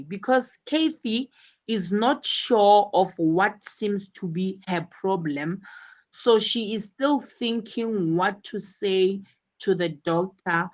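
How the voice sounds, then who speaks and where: A woman's voice: mid-range voice, poor audio. A woman teaching English, explaining a textbook dialogue and repeating her points as she goes.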